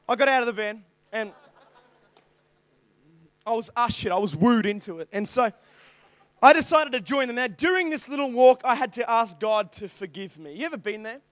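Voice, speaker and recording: A high-voiced Australian preacher addresses a youth group at a moderate pace, leaving long pauses as he tells a self-mocking, humorous story. Animated throughout, he keeps asking the crowd to respond, and the sound is close and dry, free of room echo.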